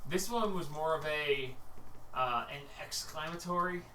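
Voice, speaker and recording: A man's voice: a little high, measured pace, sharp tone. A man narrating as game master of a tabletop game, rambling with frequent ums and likes. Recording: echoey room, mic at a distance, faint noise.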